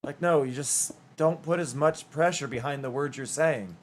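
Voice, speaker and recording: A man's voice: fairly high pitch, moderate pace, a little hiss or hum. A man streaming live and chatting casually, rambling and chatty, with hums and half-sung bits.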